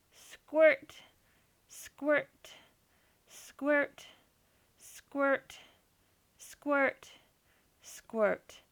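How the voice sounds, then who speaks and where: Slow gravelly-voiced woman reading a storybook. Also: mid-range voice. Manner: slow, gentle, expressive storytelling. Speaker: storybook reader. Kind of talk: children's storybook read-aloud.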